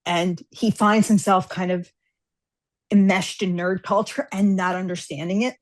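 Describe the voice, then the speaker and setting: Animated woman acting out her story. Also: mid-range voice, measured pace. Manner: animated storyteller, acts out characters' lines. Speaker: guest author. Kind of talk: casual podcast chat.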